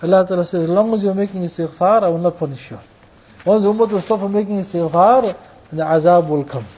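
A man's voice: high-pitched, fast, mellow, slightly rough. A man preaching a sermon to his brothers, repeating phrases for emphasis.

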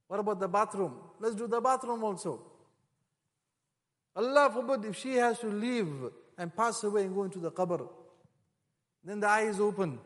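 A man's voice: high-pitched, moderate pace, long pauses. A man preaching a sermon, acting out quoted voices and rising to emphatic peaks. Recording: long hall reverb.

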